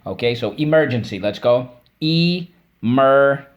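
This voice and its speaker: A low-voiced man leads a phonics lesson, upbeat and encouraging. He says each word slowly and repeats it for the class to echo. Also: dull audio. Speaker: teacher.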